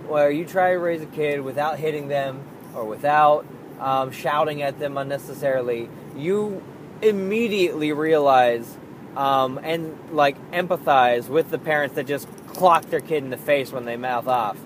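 A man's voice: a little high, moderate pace, a little hiss or hum, poor audio. A young man talking candidly about being a parent, swearing freely and acting out his own frustrated outbursts. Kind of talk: casual monologue.

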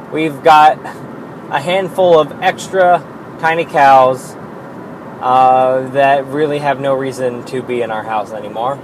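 Self-deprecating and rambling, the man hosting this casual solo podcast talks in a slow, drawn-out way at a normal pitch, full of fillers and curse words, over a constant hiss of background noise.

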